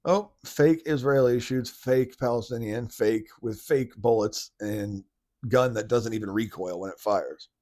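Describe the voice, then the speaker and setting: A man's voice: mid-range voice, measured pace, dark tone. A man hosting a podcast, talking casually in a loose, rambling way with many restarts, blunt and mocking at times. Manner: blunt and mocking, with occasional swearing. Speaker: podcast host. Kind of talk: casual monologue commentary.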